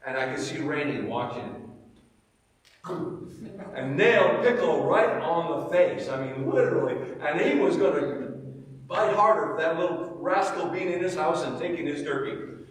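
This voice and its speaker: Lively storytelling Sunday school teacher. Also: male voice, fairly high pitch, moderate pace. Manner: animated storytelling, asks the class questions. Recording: echoey church hall, mic far away.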